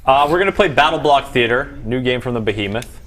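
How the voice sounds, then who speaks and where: A man's voice: mid-range voice, animated, fast talker, a bit bright, slight background noise. A man in casual banter about video games, playful and teasing. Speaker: video game show host.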